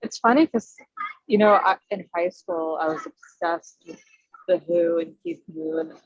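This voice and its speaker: A woman's voice: medium pitch, big pitch swings, a little slow, creaky, dry recording. A woman with a Long Island accent, a drummer chatting casually as a guest on a video call, often laughing as she talks. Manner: laughs while talking, easygoing. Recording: dry, dull video call audio.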